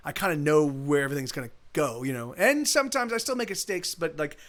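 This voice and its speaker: A man's voice: on the high side, lively intonation, fast, a bit bright. A man streaming live as a musician, chatting casually between songs in a rambling way with many restarts. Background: guitar playing.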